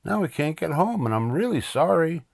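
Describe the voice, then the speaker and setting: Casting: older man as an earnest, worried young boy aardvark, raised high. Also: big pitch swings, normal speed, vocal fry, dry recording, studio quality, full character voice.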